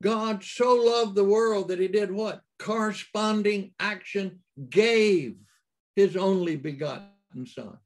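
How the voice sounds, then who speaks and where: A man preaching a sermon in a halting way, with many fillers and restarts and emphatic rises. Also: high voice.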